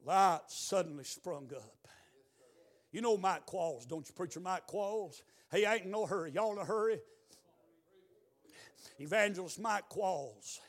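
A man preaching a revival sermon in a church, moving between quiet storytelling and shouted exhortation. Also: sits high, moderate pace. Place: church building.

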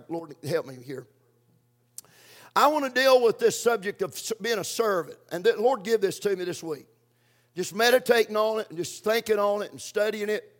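A man preaching a sermon in a church, stressing points by slow repetition. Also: sits high.

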